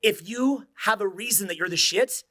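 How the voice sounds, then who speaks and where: Guy in his 40s yelling a hype seminar, cursing a lot, high bright voice. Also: normal speed, no echo, studio quality. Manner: intense, profane, repetitive, swings from whisper to shouting. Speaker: dating coach. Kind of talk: motivational seminar talk.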